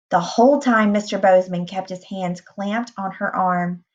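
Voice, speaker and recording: A woman's voice: mid-range voice, fairly even intonation. Woman reading a novel aloud, lo-fi. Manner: plain, unhurried reading with small restarts. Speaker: reader. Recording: dull lo-fi recording.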